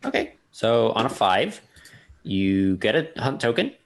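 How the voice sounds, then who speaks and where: A man with a very deep voice runs a tabletop game, narrating scenes slowly and deliberately. He pauses often, filling gaps with small hesitations. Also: very animated, vocal fry. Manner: slow, measured, with fillers. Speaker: game master.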